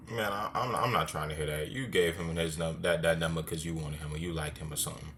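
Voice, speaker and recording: A man's voice: extremely low pitch, steady tone, fast, fairly bright tone. A man commenting on a clip in a lecturing, dismissive way, then telling it to go on.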